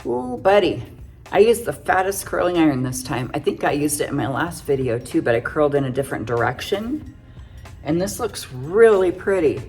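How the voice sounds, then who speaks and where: Chatty low-voiced middle-aged woman. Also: expressive, normal speed, a little mellow, faint music behind. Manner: chatty, self-joking, giggly asides. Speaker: makeup vlogger. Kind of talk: casual chatty makeup tutorial.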